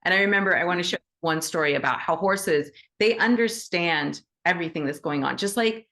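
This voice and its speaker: A woman hosting an animal Reiki session over a video call, telling stories in a gentle, enthusiastic way with many "right?" asides. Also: fairly low pitch, a little fast. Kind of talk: casual teaching chat on a video call.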